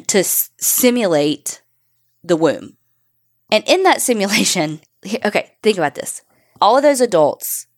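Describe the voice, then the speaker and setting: A woman co-hosting a podcast, telling a true crime story casually and bluntly, reading out quotes and swearing along the way. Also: fairly low pitch.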